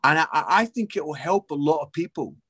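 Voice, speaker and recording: A lively Scottish man in his forties with a notably high voice, chatting as a guest on a faith podcast. He tells stories with energy and keeps the talk moving. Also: quick pace, husky. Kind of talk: casual interview chat.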